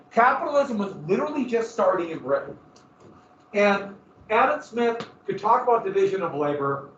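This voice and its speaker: A man's voice: high voice, sing-song, moderate pace, fairly bright tone, slight background noise. A male teacher giving a casual, joking class lecture that often wanders into personal stories. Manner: casual, joking, digressive storytelling. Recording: roomy, dull, from a distant mic.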